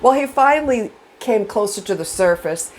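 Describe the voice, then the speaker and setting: A woman's voice: mid-range voice, moderate pace, slight background noise, rough recording. A woman vlogger telling personal stories in a chatty, rambling way, acting out voices from her stories. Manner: chatty, rambling, with fillers and animated quoted voices. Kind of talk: casual storytelling.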